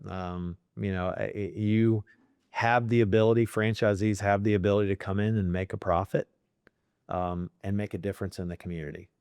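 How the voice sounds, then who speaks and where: Low-voiced middle-aged man, emotional. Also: fairly even intonation, fairly quick, smooth, no echo, clean studio sound. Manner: warm, emotional, rambling with fillers. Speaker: company CEO. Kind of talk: sit-down interview.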